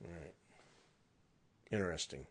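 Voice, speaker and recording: A man hosting a crafts podcast, talking in a relaxed, drawling way and trailing off with fillers. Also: deep voice, a little slow, slightly rough. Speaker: podcast host. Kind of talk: casual interview chat.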